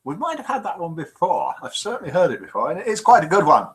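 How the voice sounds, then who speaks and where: Chatty older man, lively and bright. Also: sits high, breathy edge. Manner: chatty, self-mocking, reads out comments quickly. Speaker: host of a live web show. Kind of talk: casual live-stream chat reading viewer comments.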